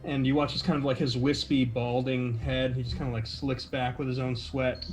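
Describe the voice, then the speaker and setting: A man's voice: medium pitch, little pitch movement, normal speed, darkish tone, soft background music. A man narrating a tabletop game as game master, in a loose, filler-heavy way.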